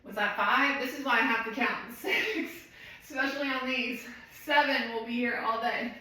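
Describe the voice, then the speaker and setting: A woman's voice: on the high side, steady tone, normal speed, bright, forceful tone. A woman fitness trainer leading a live home workout, chatting and rambling while she counts reps. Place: room at home. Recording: echoey room, voice from far off.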